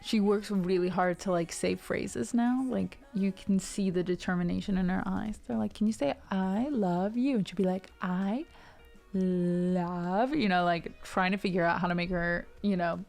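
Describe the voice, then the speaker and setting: A woman's voice: lowish voice, steady tone, normal speed, creaky, darkish tone. A woman music streamer chatting casually and affectionately with her viewers, laughing often.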